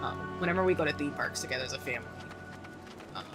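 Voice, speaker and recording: A woman's voice: low voice, racing, loud music behind the voice. A woman streamer chatting casually while gaming, telling a rambling story and laughing often, on a desk microphone.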